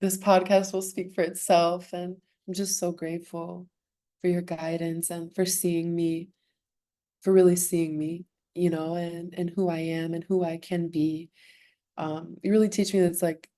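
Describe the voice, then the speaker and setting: A young woman talks as a podcast guest in an earnest, emotional way. Her voice sits low and mellow. She laughs readily and trips over her words, repeating and restarting as she goes. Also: level tone, a little slow. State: emotional, close to tears. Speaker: podcast guest, former competitive swimmer. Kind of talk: heartfelt conversational interview.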